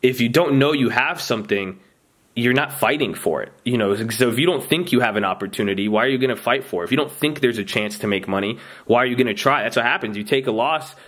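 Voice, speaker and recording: A man's voice: medium pitch, quick pace, a bit bright. A man hosting a trading channel, giving a casual motivational talk to his viewers. He rambles, often restarts his sentences and keeps turning to them directly.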